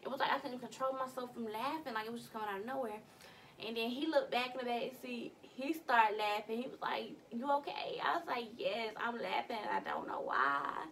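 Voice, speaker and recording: A young woman vlogging from her bedroom, telling a story in an animated, slangy way with some cussing. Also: a little high, fairly quick, far from the mic, slight background noise. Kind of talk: casual storytime vlog.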